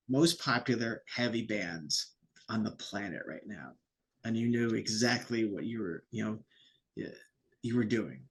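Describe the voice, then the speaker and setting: A male podcast guest with a medium-pitched, slightly rough voice chats casually but heatedly. He swears freely and puts on voices whenever he quotes someone.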